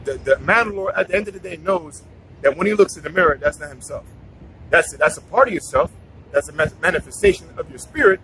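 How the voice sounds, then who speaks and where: A man's voice: on the high side, expressive, quick pace, a crowd in the background, rough recording. A man giving a casual scripture talk, preachy, repeating himself and restarting his sentences. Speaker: bible teacher.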